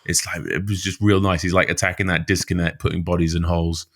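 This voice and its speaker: Deep-voiced laid-back rugby pundit. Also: male voice, level tone, fast. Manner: laid-back, says mate and like a lot. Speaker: podcast co-host. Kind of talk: casual rugby chat.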